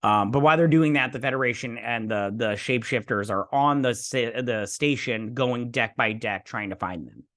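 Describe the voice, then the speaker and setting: A man of ordinary pitch talks through an episode in a loose, rambling recap, stumbling over fillers and acting out the characters' lines in his own voice. The sound is dry and close, with no room around it. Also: moderate pace, hardly any pauses, fairly bright tone, no room sound. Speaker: show host reviewing an episode. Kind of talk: casual recap and review.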